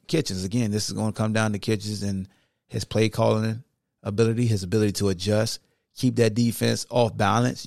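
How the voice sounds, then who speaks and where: A man hosting a sports podcast, talking through a football game preview in a casual, animated, slangy way, like a coach firing up his defense. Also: lowish voice, creaky, no room sound, clean studio sound. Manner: animated, slangy, coaching-style trash talk.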